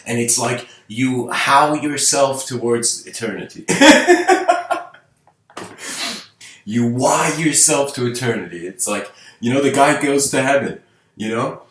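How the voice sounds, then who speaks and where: A man's voice: mid-range voice, normal speed, fairly bright tone, roomy sound, rough recording. A man giving an unscripted spiritual talk, musing aloud and full of rhetorical questions. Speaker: spiritual lecturer.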